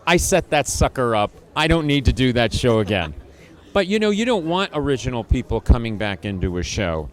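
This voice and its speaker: A man's voice: medium pitch, big pitch swings, brisk. A male actor and singer giving a red-carpet interview, emphatic and self-assured.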